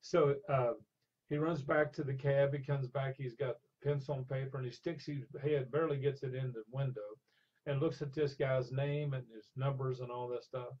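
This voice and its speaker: An older man spins an animated anecdote in an interview, with a husky, slightly rough voice at a middle pitch. He drops into the voices of the people in his story. The recording sounds dull and lo-fi. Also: normal speed. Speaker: interview guest.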